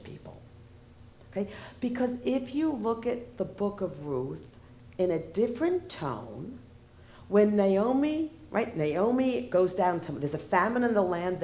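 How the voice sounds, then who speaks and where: A woman's voice: mid-range voice, big pitch swings, a little slow, mellow. A woman giving a humorous lecture, wry in tone and often asking the audience rhetorical questions. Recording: roomy echo.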